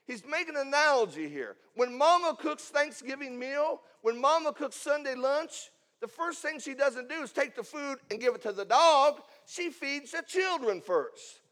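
A man preaching a sermon, swinging between loud emphatic lines and hushed asides. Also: extremely high pitch, animated, moderate pace, few pauses. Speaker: pastor.

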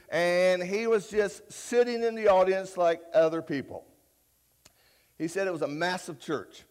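High-voiced folksy male preacher. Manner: folksy, conversational storytelling; animated, rises loud and high when retelling a story. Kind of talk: sermon.

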